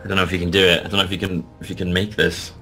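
A man commentating a game he plays, excitable, often yelping and laughing. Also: low-pitched, racing, soft background music. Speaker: gaming channel host. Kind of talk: let's play commentary.

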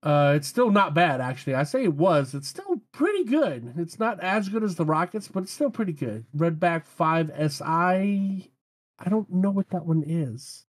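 An easygoing man hosting a casual gaming podcast, with a slightly higher voice. He laughs often and trips over odd weapon names, then carries on. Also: very animated, moderate pace. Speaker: podcast host.

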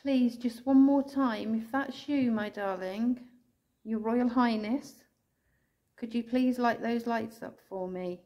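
An English woman ghost hunter calling out to spirits indoors, speaking slowly and tenderly, sometimes tearful, recorded on a handheld camera. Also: a little high. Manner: soft, pleading, slow and tender, calling out with endearments. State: tearful at times.

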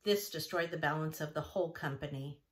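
A woman reading a classic children's novel aloud in a gentle, even narration. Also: sits low, fairly quick. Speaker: audiobook reader. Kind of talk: storybook narration.

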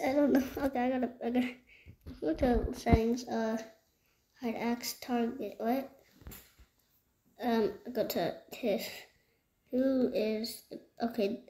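Woman, high-pitched, gameplay commentary, excitable, frustrated outbursts. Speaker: gaming video creator.

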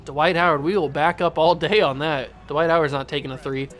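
A young man giving casual live commentary on a basketball video game, getting worked up and yelling at his players, then owning his mistakes. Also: a little high, fairly quick, soft background music. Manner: excitable, yells at his players, then blames himself. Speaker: gaming YouTuber playing a basketball video game.

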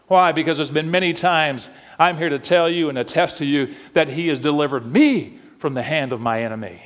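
A man preaches from the pulpit in a high, ringing voice. He drops to a hush and then climbs to shouts. His words trail off into the long echo of a church sanctuary. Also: fairly quick, few pauses. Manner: preaching with big swings from hushed to shouting. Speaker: pastor. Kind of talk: sermon. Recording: long reverb of a church hall.

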